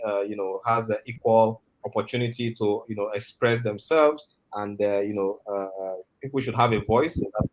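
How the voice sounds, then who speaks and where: A man teaching interview skills on a video call, talking in a rambling way with many fillers and frequent requests for agreement. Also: mid-range voice. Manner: rambling, filler-heavy, often asks for agreement. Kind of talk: instructional talk on a video call. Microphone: video call microphone.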